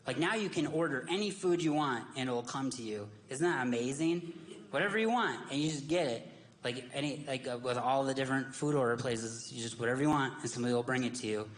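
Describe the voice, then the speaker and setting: A man's voice: medium pitch, fast talker, rough recording. A man performing a stand-up comedy bit in a rambling, wry way, acting out little voices.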